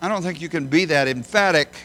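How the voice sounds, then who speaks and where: A man preaching a sermon as a pastor, emphatic, swinging between loud high bursts and quiet low phrases. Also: fast. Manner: emphatic, with big swings in pitch and loudness.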